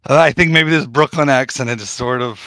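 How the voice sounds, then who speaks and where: A man's voice: medium pitch, brisk, sharp tone, dry recording. A man performing a mock stand-up routine on a podcast, delivering corny punchlines after rambling setups.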